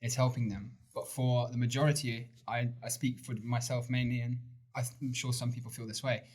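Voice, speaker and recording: A man's voice: mid-range voice, little pitch movement, normal speed, darkish tone. A man co-hosting a podcast, giving opinionated views in casual chat, with fillers. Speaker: podcast co-host. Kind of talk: casual film review chat.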